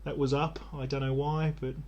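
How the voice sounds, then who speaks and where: A man's voice: mid-range voice, level tone, normal speed, a little mellow, dull audio. A man co-hosting a podcast, rambling and sardonic in casual chat. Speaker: podcast co-host.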